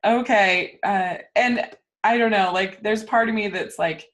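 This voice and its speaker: A young woman hosting a casual movie podcast, talking in an animated, ranting way with lots of fillers. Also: medium pitch, unhurried. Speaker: podcast host. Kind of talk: casual chat.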